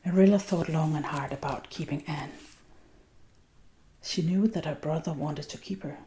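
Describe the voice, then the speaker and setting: A woman with a Danish accent reading a children's story aloud in a soft, gentle ASMR voice, often half-whispered. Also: sits low, moderate pace, slight background noise. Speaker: reader.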